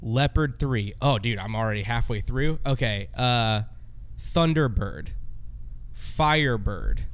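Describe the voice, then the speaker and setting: A man's voice: mid-range voice, animated, slow pace. A man co-hosting a podcast, talking casually with exclamations and laughs. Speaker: podcast co-host. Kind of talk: casual chat.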